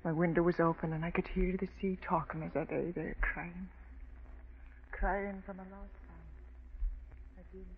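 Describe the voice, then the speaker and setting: A woman's voice: lowish voice, fairly even intonation, moderate pace, long pauses, background noise, natural voice. Radio drama: actress doing sorrowful old mother, trembling, pleading; tinny old broadcast. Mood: grieving. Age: older. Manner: trembling, pleading, sobbing delivery. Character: grieving old Irish mother, frantic and sorrowful. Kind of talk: 1940s radio acting.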